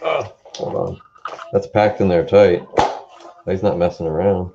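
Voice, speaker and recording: A man co-hosting a casual live-stream chat about guitar players, relaxed and rambling, often laughing. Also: deep voice, a little slow, background noise. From Canada. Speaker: co-host. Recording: slightly dull lo-fi audio.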